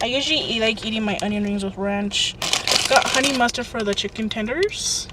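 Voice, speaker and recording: A woman's voice: a little high, brisk. A young woman hosting a casual lifestyle vlog, chatting in a bubbly, rambling way from inside a parked car. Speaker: lifestyle vlogger. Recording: distant mic with air conditioner hum. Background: air conditioner running.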